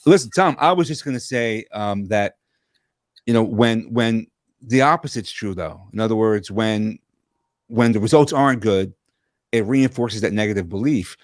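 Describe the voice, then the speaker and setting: A man, a guest coach, telling a story in an energetic, animated conversational way over a video call, full of quick restarts. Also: fairly low pitch, no echo, clean studio sound. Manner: fast, animated talker with frequent restarts.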